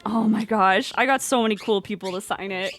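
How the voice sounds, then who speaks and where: A young woman streaming, chatting excitedly and cooing to her pet bird. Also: mid-range voice, fairly quick, music in the background. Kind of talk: casual chat on stream.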